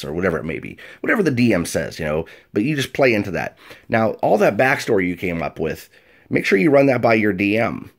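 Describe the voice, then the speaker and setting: Low-voiced man explaining tabletop role-play. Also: sing-song, fast talker, creaky. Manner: chatty and explanatory, with frequent fillers. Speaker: game master and video host.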